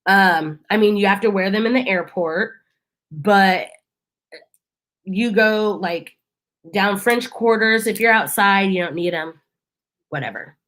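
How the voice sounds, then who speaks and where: A woman talking straight to her camera mic in loose, casual vlog chat. She rambles through a story with plenty of fillers. Her voice sits at an ordinary middle pitch. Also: a little slow, long pauses, fairly bright tone. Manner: chatty storytelling, full of fillers. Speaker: vlogger.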